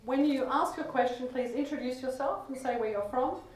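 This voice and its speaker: A woman's voice: sits high, a little fast, darkish tone. Woman chairing a panel from afar. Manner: upbeat, clear instructions to the audience. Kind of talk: conference panel moderating. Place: big conference room. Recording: echoey hall from far off.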